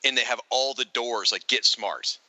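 A man's voice: mid-range voice, moderate pace, sharp tone, no echo, poor audio. A man on a podcast panel in casual chat, easygoing and opinionated. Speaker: podcast co-host.

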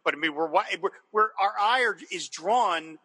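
A man with a high, very bright voice chats casually about a TV episode. He is animated and slips into acting out what characters say. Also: normal speed, breathy edge. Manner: animated, acts out quoted lines. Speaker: podcast co-host.

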